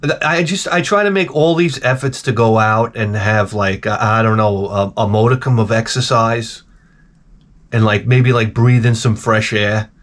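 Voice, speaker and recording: A man's voice: fairly low pitch, steady tone, measured pace, fairly bright tone. A man telling comic stories to camera in a rambling, exasperated, profane rant full of restarts. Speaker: vlogger. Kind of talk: comedic storytelling rant.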